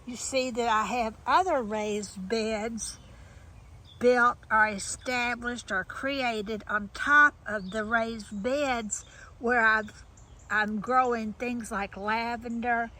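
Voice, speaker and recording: A woman's voice: fairly high pitch, fairly even intonation, slow pace, pushed and bright, low-quality recording. A woman giving a rambling, chatty walk-through of her garden outdoors, restarting her sentences often. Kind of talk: casual walk-through tour.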